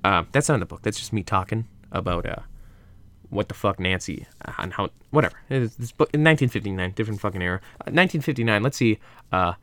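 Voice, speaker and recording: A man's voice: fairly low pitch, lively intonation, fast talker, a bit bright, dry recording. A young man reading a book aloud, rambling off into profane asides and drinking vodka as he goes, into a computer mic at a desk. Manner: rambling, profane, self-interrupting. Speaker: reader and host.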